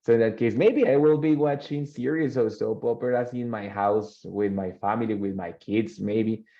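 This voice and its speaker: Teaching English online, a man in his 30s whose first language is Spanish explains things partly in Spanish. His voice is gravelly and on the low side, at a moderate pace, and he stays patient, repeating phrases and asking "ready?". The recording is dull lo-fi call audio.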